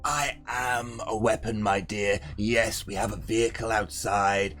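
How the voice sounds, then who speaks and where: A man voicing a pompous, self-proclaimed almighty male psychic who speaks slowly and grandly, flirting. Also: lowish voice, fairly even intonation, a bit bright, soft background music. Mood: grandiose.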